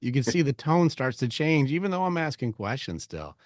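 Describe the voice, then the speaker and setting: This men's group host talks briskly at medium pitch, scarcely pausing as he coaches in a casual, swear-filled way and acts out quoted voices with animation. The sound is clean studio audio without any room sound.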